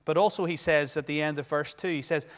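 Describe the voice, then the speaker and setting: A man preaching from the pulpit, his voice sitting high for a man. He swings between booming declarations and quiet, hushed asides. A long church reverb trails every phrase. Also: fairly even intonation, quick pace. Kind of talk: sermon. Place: church sanctuary.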